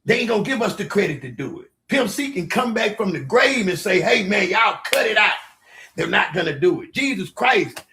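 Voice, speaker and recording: Guy yelling thru stories on a podcast, high gravelly voice, swings all over. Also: a little fast. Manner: loud, excitable, acts out others' lines. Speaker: podcast guest telling stories. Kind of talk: animated storytelling chat.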